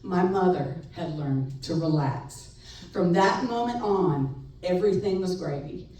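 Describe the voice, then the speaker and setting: A middle-aged woman telling a personal story live on stage, wry and animated, laughing between lines. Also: fairly low pitch, unhurried. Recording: echoey room, far mic, faint noise.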